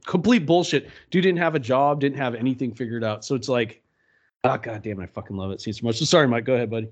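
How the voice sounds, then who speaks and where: A man co-hosting a casual movie podcast, excitable and laughing often, swearing freely. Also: medium pitch, fast. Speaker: podcast co-host.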